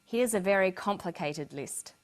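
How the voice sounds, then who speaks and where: Woman explaining English intonation clearly. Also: mid-range voice, lively intonation. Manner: slow, clear explanatory delivery. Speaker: English teacher. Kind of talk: scripted lesson narration.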